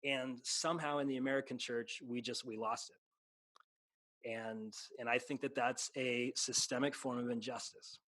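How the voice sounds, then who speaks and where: A man's voice: mid-range voice, steady tone, measured pace, fairly bright tone, dry recording. A man who is a pastor in a casual conversation, speaking earnestly, restarting sentences and slipping into a preaching cadence. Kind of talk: casual chat.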